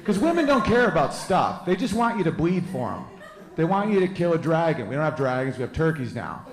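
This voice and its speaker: A man's voice: a little high, sing-song, fairly quick, roomy sound, background noise. A man in his thirties doing a brash, crude stand-up set on a club stage, riffing with the crowd. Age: 30s. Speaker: stand-up comedian.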